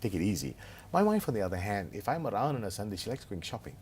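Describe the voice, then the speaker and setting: Brief: middle-aged man, lowish voice, animated storyteller, playful and self-deprecating, interview guest. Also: fast talker, slight background noise. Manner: animated, humorous anecdotes, self-mocking asides. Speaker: business consultant and author as guest.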